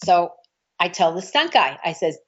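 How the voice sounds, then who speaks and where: A woman with a lowish, sing-song voice, slightly bright, shares a story from a film shoot at a moderate pace. She's a martial arts film actress who acts out others' words, and the recording is dull and lo-fi.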